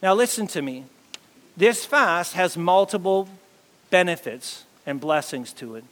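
High-voiced man preaching in a hall. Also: measured pace. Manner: animated preaching with acted-out quotes. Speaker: pastor. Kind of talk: sermon.

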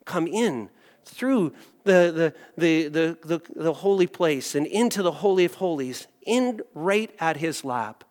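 A man preaching a sermon as a pastor, telling a story with animated acted-out voices. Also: on the high side, a little slow, big-room sound.

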